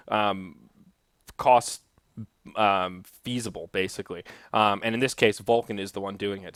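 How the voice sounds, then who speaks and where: A man's voice: lowish voice, a bit bright, dry recording, studio quality. A young man hosting a solo podcast, chatting casually and loosely, with frequent swearing and asides to his chat. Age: young adult. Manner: rambling, profane, talks to chat. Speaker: podcast host.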